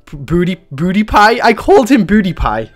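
Excitable man narrating his gameplay. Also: sits high, normal speed, faint music behind. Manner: excitable, chatty, rambling. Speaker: gaming streamer. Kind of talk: live gameplay commentary.

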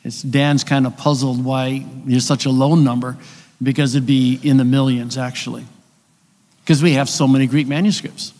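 A man's voice: medium pitch, little pitch movement, moderate pace, a little mellow. A man giving a conversational conference lecture, explaining with rhetorical questions and asides. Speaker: conference speaker on biblical texts. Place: church hall. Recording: long hall reverb.

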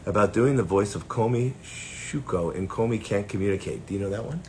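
A man's voice: on the low side, brisk, mellow, a little hiss or hum. A middle-aged man with a Long Island accent, chatting playfully and joking on a live autograph stream. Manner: playful, jokey, breaks into bits and songs. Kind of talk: casual live-stream chat.

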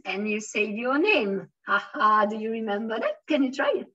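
A Swiss woman with a fairly high voice teaches a beginner French lesson. She switches between English and French, drops in many fillers and praises her students. Her voice sounds a little distant and dull, as if picked up from across a room. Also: very animated, a little slow, hardly any pauses, sharp tone. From Switzerland. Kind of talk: online language class.

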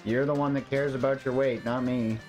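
A man's voice: mid-range voice, fairly even intonation, fairly quick, a little mellow, soft background music. A man streaming a video game, chatting casually and muttering to himself and his pets as he plays. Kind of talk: casual gameplay commentary.

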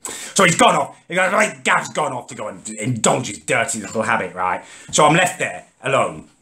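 A man's voice: medium pitch, lively intonation, moderate pace, bright, forceful tone. A man, ranting indignantly in a comedic monologue. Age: 30s. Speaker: comedic vlogger. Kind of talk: comedic rant to camera.

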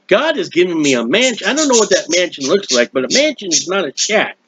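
A man preaching a sermon in an earnest, rambling way, with restarts and quiet asides, recorded at home. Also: sits high, sing-song, quick pace, hardly any pauses, husky, no room sound, lo-fi sound. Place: at home, birds heard nearby.

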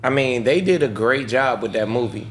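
A man's voice: mid-range voice, lively intonation, normal speed, a bit bright. A man co-hosting a podcast, giving opinionated, joking, profane takes in casual banter. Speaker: podcast co-host.

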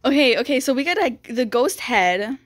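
Excitable high-voiced young woman gamer. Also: no echo, clean studio sound. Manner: excitable, squealing, frequent "dude" and "oh my goodness". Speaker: gaming YouTuber. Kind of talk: excited gameplay commentary.

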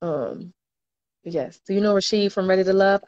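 A young woman from New Orleans chats on a phone livestream, answering viewer comments in loose slangy talk and frequent laughs. Her mid-pitched voice comes through with a dull, lo-fi quality. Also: moderate pace, a little mellow. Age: 20s. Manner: chatty, laughs often, slangy, reads comments aloud. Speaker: livestream host. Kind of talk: casual livestream chat reading viewer comments.

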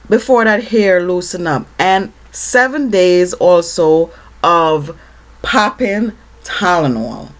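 A woman vlogging casually to camera, chatty and animated, with lots of fillers. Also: mid-range voice. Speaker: beauty vlogger.

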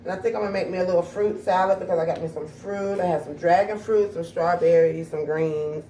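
A woman's voice: on the low side, steady tone, fairly quick, mellow, a little hiss or hum. A woman chatting casually to her viewers in a home vlog. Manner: chatty, talks straight to viewers. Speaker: vlogger. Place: home and backyard. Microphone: camera mic. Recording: roomy echo from far off.

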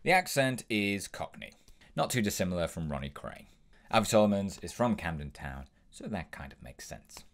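A man's voice: sits low, sing-song, moderate pace. A young man hosting an impressions tutorial, explaining tips in an upbeat, step-by-step way. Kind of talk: instructional tutorial.

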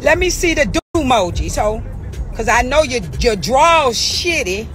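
This middle-aged woman, a social media personality, unleashes a profane, taunting livestream tirade that drifts into sing-song ridicule. She speaks unhurriedly in a high-pitched, fairly bright voice with big swings in pitch.

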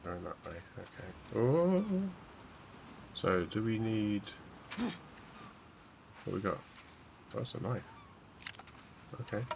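A British gamer streamer talks to himself while playing a video game, reading in-game notes and a journal aloud as let's play commentary. His voice is on the low side with big pitch swings, vocal fry, a slow pace and long pauses, over a noisy background.

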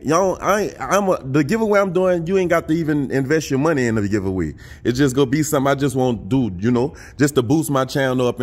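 Man, New Orleans accent, middle-aged, casual vlog talk, preachy, repetitive, addresses viewers directly. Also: mid-range voice. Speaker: vlogger.

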